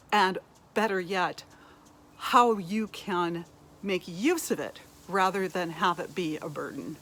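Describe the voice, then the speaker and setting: A middle-aged woman, an energy healer and spiritual life coach, talking earnestly and reflectively in a spiritual energy update. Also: mid-range voice. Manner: earnest, reflective, with fillers and soft laughs.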